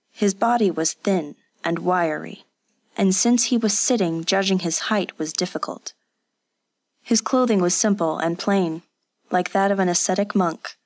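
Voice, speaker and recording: A woman narrating a story in an even, unhurried audiobook reading. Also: on the low side, no echo. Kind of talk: scripted narration.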